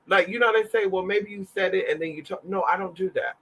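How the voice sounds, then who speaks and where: A man's voice: high voice, animated, a little fast, few pauses, fairly bright tone, breathy edge. A man chatting casually to his viewers in a sassy, flamboyant way, swearing freely and calling them honey. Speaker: vlogger. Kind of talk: casual livestream chat.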